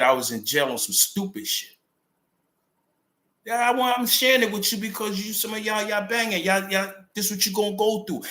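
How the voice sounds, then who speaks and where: A middle-aged channel host with a New York accent delivers an emphatic, unscripted commentary monologue packed with street slang. His voice is mid-range with a sharp tone.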